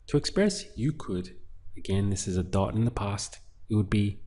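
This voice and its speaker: Language teacher, male, slightly low voice, calm and clear, drills phrases patiently. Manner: clear, patient, repeats words slowly for practice. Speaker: Spanish teacher. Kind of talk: scripted language lesson.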